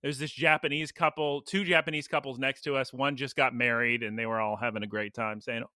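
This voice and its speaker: A young man co-hosting a podcast, telling chatty, excitable stories in casual talk. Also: medium pitch, brisk, no echo. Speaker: podcast co-host. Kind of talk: casual chat.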